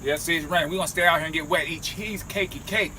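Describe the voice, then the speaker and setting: A playful, hyped man hosts a casual food-tasting vlog on a city street, his voice sitting a bit high for a man. Steady traffic and street noise run clearly behind him, picked up on a handheld phone outdoors. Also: fast talker, low-quality recording. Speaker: vegan food vlogger.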